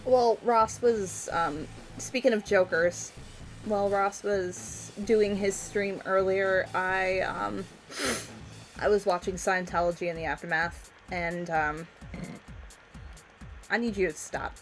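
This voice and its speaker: Giggly woman co-host on a game stream, slow unhurried talk, light music behind. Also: medium pitch, fairly even intonation. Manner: giggly, laughs often and hard. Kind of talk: casual chat over gameplay.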